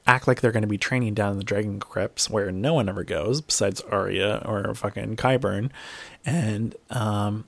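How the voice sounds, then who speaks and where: A man's voice: fairly low pitch, normal speed, creaky, no room sound. A man recapping a TV episode in casual chat. He swears freely and talks animatedly. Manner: profane, animated, slips into mocking voices.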